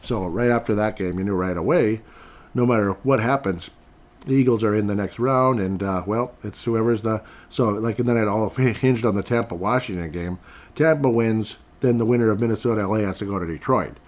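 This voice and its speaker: Rambling, lower-voiced man hosting a podcast. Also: brisk. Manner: rambling, animated, grumbling asides. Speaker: podcast host. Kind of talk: casual sports podcast commentary.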